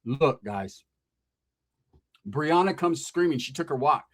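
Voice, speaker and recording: Taking his time, a man with a slightly high voice spins a comic story, cursing and using slang while he lively impersonates the people involved.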